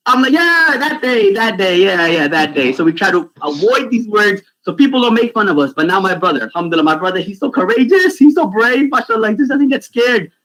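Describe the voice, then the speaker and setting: Man, fairly high voice, animated storytelling for kids, video call. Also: fast talker, few pauses, low-quality recording. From Pakistan. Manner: animated, keeps asking "right?". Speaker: youth speaker. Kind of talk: storytelling talk for children.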